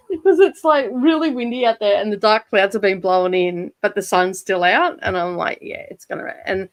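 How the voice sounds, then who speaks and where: An Australian woman's mid-range voice comes through at normal speed with no room sound. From a home room off a side street, she hosts a casual reading-sprint livestream, chatting, laughing often and swearing mildly.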